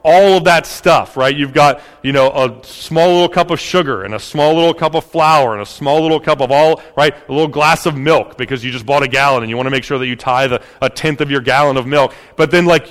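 A man preaching a sermon as pastor, in a casual, animated way with many fillers. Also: mid-range voice, brisk, in a large hall.

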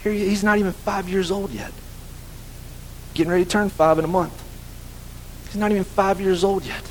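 A man in his thirties preaching a sermon as a guest in a church, swinging from loud urging to a hushed appeal. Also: high voice, fairly even intonation, a little fast, slight background noise, low-quality recording.

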